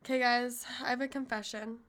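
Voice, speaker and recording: A woman's voice: fairly high pitch, steady tone, a little fast, fairly bright tone. A young woman co-hosting a podcast, playful and teasing in casual chat. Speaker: podcast co-host.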